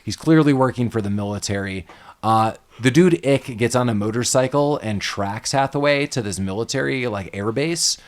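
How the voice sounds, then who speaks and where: A man's voice: mid-range voice, moderate pace. Casual man recapping a movie. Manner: animated, swears, acts out characters with laughs. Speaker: podcast host.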